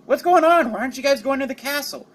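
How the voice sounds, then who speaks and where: A man's voice: high-pitched, big pitch swings, normal speed, pushed and bright, heavily acted. A man voicing a confident, teasing young woman duelist in a raised, breezy voice.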